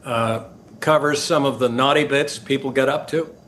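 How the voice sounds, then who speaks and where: An older man, a guest, telling casual anecdotes, halting with fillers and laughing as he goes. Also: medium pitch, steady tone, a bit bright, slight background noise. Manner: halting, many fillers, laughs through stories.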